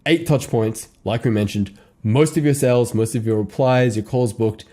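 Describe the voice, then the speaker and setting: A young man leads an online course lesson with a mellow, warm tone. He talks in a loose, slangy way, full of energy, and acts out little stories in quick voiced asides. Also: mid-range voice. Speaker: copywriting course instructor. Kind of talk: casual instructional talk.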